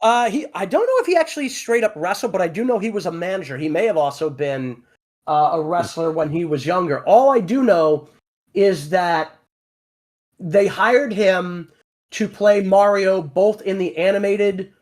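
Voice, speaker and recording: Livestream host, man with a high voice, chatty and full of fillers. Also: moderate pace, a little mellow. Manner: chatty, explains at length with many fillers. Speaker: voice actor and stream cast member. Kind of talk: casual livestream chat.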